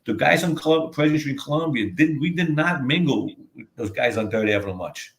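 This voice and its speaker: With a medium-pitched, lively and fairly quick delivery, an older man tells stories as a guest. He's an author who rambles, curses freely, and keeps asking "you know what I mean."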